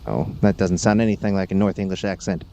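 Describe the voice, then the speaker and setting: A man's voice: sits low, fast, dull audio, a little hiss or hum. A man giving casual, jokey commentary while playing a video game. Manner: jokey, animated. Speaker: gameplay host.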